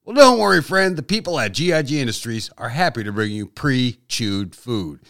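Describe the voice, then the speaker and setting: A man's voice: medium pitch, expressive, moderate pace, fairly bright tone, no echo, clean studio sound. A man voicing a male commercial announcer with a polished ad-read delivery. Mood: salesy.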